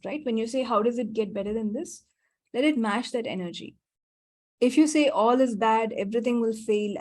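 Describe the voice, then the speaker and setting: A woman facilitating a group healing call over a video connection, reeling off repeated clearing phrases quickly and letting them trail off softly. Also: on the high side.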